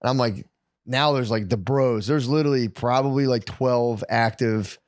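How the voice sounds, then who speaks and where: Guy on a podcast telling a long swear-heavy story, doing everyone's voices, mid pitch, dry close mic. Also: moderate pace, no room sound. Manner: rambling, profane, acts out quoted lines. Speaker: podcast co-host. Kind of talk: casual storytelling chat.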